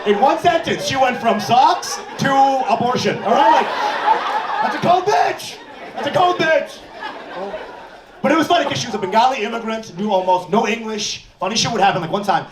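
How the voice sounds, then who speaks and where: A man doing stand-up comedy, telling animated stories with put-on voices in a comedy club. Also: very high voice, fairly quick, very noisy. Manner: animated storytelling with character voices. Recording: echoey distant club sound, loud crowd laughter.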